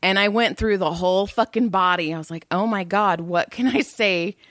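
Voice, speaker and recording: A woman's voice: mid-range voice, normal speed, dry recording, clean studio sound. A woman in her thirties co-hosting a casual podcast, telling stories with lots of swearing and laughter. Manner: profane, animated storytelling with laughs. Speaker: podcast co-host. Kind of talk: casual chat.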